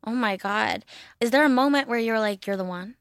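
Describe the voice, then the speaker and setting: A woman in her thirties hosting a podcast, chiming in with quick enthusiastic reactions. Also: fairly high pitch, smooth, dry recording, studio quality. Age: 30s. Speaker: podcast host. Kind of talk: casual chat.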